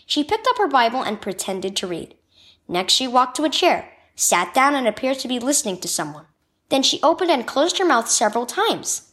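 High, lively woman reading to kids. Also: moderate pace. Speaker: devotional narrator. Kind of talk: scripted narration of a children's devotional.

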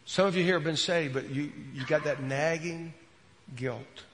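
A man preaching a sermon as a pastor, earnest, repeating words and dropping from loud to hushed. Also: fairly high pitch, moderate pace, long reverb tail, a little hiss or hum.

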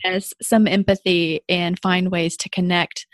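A woman hosting an interview, asking questions quickly with fillers and repeated words. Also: fairly low pitch, flat delivery, no room sound. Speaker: podcast host.

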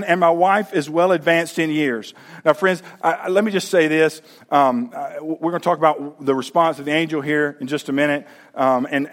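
High-voiced man preaching a lively sermon. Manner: animated preaching with many restarts and direct questions to the congregation. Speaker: pastor.

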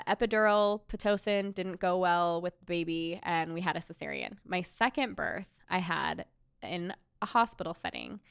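A woman's voice: on the low side, fairly bright tone, smooth, no room sound, clean studio sound. A woman in her thirties who works as a doula, talking earnestly and personally in a chatty way with many fillers. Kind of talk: casual talk about birth.

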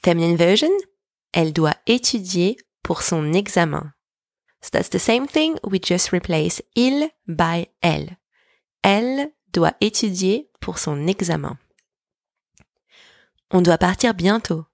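A woman with as her language, hosting a podcast lesson and saying each word slowly and clearly for listeners to repeat. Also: on the low side, expressive, no room sound, studio quality. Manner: word-by-word repetition drills, clear enunciation. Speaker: French teacher, podcast host. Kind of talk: slow, drilled language lesson.

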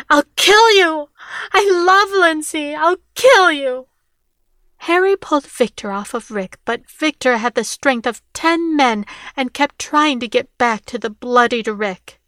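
Woman narrating in a steady reading voice. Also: fairly high pitch, moderate pace, no room sound, studio quality. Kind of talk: audiobook narration.

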